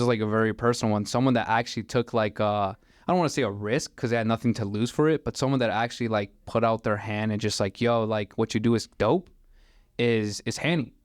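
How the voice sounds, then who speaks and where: This young man's voice is lowish, clear, and resonant, captured in studio quality without room sound. In his twenties and chatting casually on a podcast, he rambles through stories using "like" as a frequent filler.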